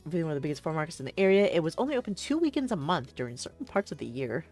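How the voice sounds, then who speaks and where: A woman's voice: low voice, sing-song, racing, darkish tone, faint music behind. A young woman streaming a game, chatting casually and reading the story aloud, rambling with many fillers and frequent laughs.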